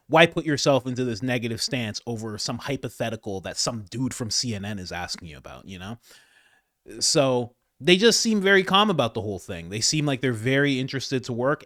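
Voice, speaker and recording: A man's voice: medium pitch, a bit bright, dry recording, clean studio sound. A man hosting casual political commentary, chatty and rambling, laughing at his own jokes. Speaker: commentator and channel host.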